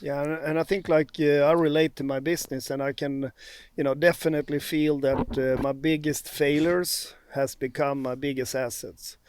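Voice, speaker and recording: A man whose first language is Swedish, talking in halting English about lessons from failure. His voice sits a little high. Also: flat delivery, darkish tone, clear, resonant tone. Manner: halting, reflective. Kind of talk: casual chat.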